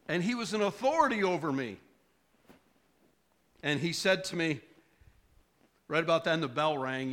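A middle-aged man preaches a sermon at a slow, deliberate pace. His voice sits a little high and sounds bright. He tells his story as he goes and keeps turning to the congregation with questions. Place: church.

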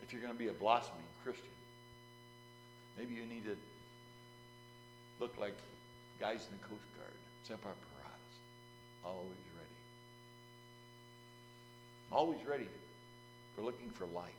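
A man's voice: fairly low pitch, moderate pace, long pauses, slight background noise, rough recording. A man preaching a sermon in a folksy, storytelling way and putting questions to his listeners.

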